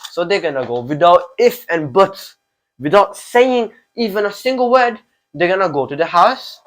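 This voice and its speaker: This teen host, age fifteen, speaks in a high, sing-song voice at normal speed while delivering an impassioned opinion piece on his channel, full of repeated rhetorical questions. The audio is poor.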